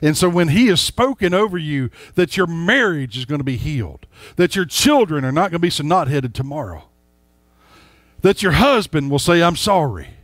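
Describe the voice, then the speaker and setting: A man's voice: a little high, lively intonation, moderate pace, fairly bright tone, no echo. A man preaching a sermon as a pastor, folksy and emphatic, speaking straight to his congregation.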